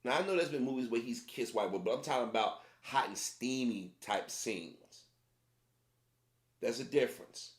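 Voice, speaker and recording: A man's voice: mid-range voice, normal speed. Emphatic man ranting in a roomy space. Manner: emphatic, repetitive, conversational, with many restarts. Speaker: commentary vlogger. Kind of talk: casual commentary rant. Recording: roomy echo.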